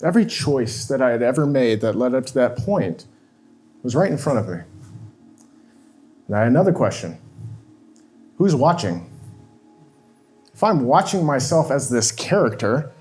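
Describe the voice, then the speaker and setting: A man speaks from a stage, telling a raw personal story in a confessional, emotional way. His pitch sits in a middle range, and he voices the remembered dialogue himself. Faint music plays underneath. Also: big pitch swings, normal speed, pauses often, darkish tone. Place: stage at a live talk event.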